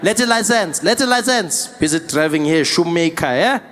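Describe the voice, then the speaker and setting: A man's voice: fairly high pitch, lively intonation, moderate pace, fairly bright tone. A man voicing a curt male traffic cop, clipped and barking.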